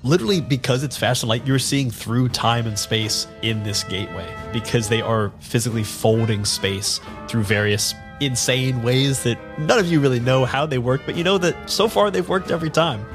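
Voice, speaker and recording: A man's voice: mid-range voice, moderate pace, few pauses, music in the background. Casual man running a tabletop game. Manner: casual, filler-heavy narration with laughs. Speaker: game master.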